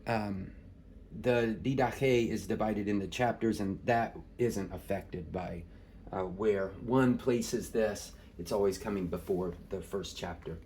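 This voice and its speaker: A man's voice: fairly low pitch, slow, a little mellow, slight background noise. A man teaching Greek in a casual, thinking-aloud way, with many fillers and small laughs. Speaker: Greek tutor. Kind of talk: informal screen-share lesson.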